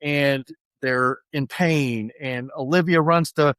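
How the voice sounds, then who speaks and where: A man's voice: mid-range voice, steady tone, slow, a bit bright, clean tone, no room sound. A man hosting a book-club podcast, recapping chapters in a chatty, rambling way and acting out quotes. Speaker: podcast host.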